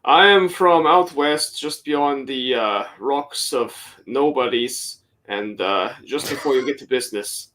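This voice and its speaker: A man voicing a guarded hobgoblin armorer who talks in a measured, formal, dry way. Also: medium pitch, pushed and bright.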